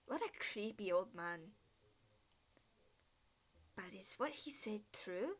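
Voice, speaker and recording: A woman voicing a guarded, earnest young woman knight in a story game, speaking in a quiet, brooding inner monologue. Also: medium pitch, expressive, slow pace. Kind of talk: reading a story game aloud.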